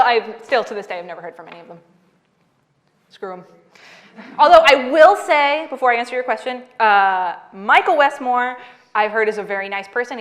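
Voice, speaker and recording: Lively woman author at a library talk; an animated storyteller who laughs a lot. Mid-pitch voice. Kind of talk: talk and audience Q&A.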